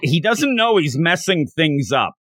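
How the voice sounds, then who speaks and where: Excitable man recapping a story. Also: fairly high pitch, measured pace, no echo, clean studio sound. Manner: excitable, rambling storyteller with many restarts. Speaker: podcast co-host. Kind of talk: casual podcast chat recapping a manga chapter. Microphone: podcast microphone.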